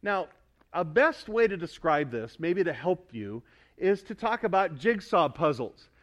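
High-voiced emphatic male pastor preaching. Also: very animated, measured pace. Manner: emphatic, builds to loud pointed repetition; asks the congregation for responses. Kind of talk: sermon. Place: church sanctuary.

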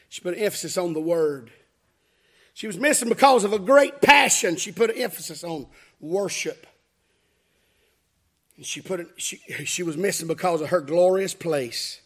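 A man preaching a fiery revival sermon, shouting in a chanting cadence with frequent hallelujahs and calls to the congregation. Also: high voice, expressive, normal speed, pauses often. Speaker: pastor.

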